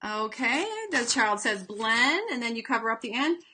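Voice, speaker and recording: Woman, reading teacher, bright voice, chatty webinar delivery with fillers, slows to stretch out sounds. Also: fairly high pitch, animated. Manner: chatty, demonstrates sounds slowly, frequent fillers. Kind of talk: instructional webinar talk.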